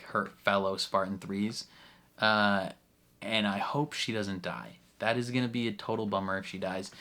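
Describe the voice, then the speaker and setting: A man's voice: on the low side, a bit bright. A young man casually recapping a show episode, chatty, laughing often and full of fillers. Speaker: reaction video host.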